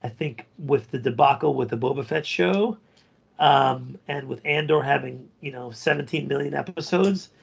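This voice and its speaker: Gravelly, husky man in crude podcast banter. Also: medium pitch, normal speed. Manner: crude, joking, rambling. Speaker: podcast co-host. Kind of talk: casual podcast chat.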